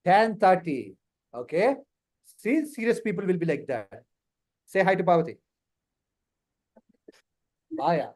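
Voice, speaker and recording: A man's voice: high voice, big pitch swings, unhurried, pauses often, darkish tone. Teasing Telugu-accented Indian man. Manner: playful, teasing, mixes Telugu into English. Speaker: instructor leading a career workshop. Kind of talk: joking live online class.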